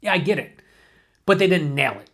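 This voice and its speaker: Man, beer reviewer, casual monologue, rambling asides, slightly higher voice. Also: lively intonation, brisk, vocal fry, fairly bright tone. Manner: thinking aloud, rambling with restarts and asides.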